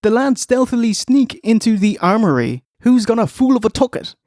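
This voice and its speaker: A man's voice: very high-pitched, big pitch swings, moderate pace, darkish tone, dry recording, clean studio sound. A man hosting a podcast, recapping a film in a joking, casual way and slipping into silly voices. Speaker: podcast host. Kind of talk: casual comedic film review chat.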